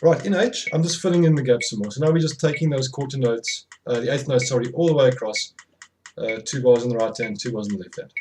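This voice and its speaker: A man's voice: mid-range voice, fast, a little mellow, slight background noise. A man teaching drumming, counting rhythms aloud and correcting himself as he goes, with many fillers. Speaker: drum tutor. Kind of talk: instructional demonstration.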